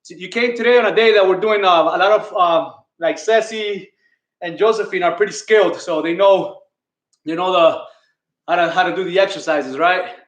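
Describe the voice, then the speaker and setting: A man's voice: high-pitched, moderate pace, fairly bright tone, reverberant. A man leading a live online kettlebell class, counting reps and giving coaching cues while out of breath. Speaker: fitness coach.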